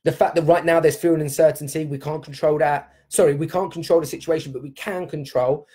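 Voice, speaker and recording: A dance company leader streams live from his home under lockdown, speaking straight to viewers with upbeat encouragement. His voice is a little high and dark-toned, fairly quick, and steady in tone.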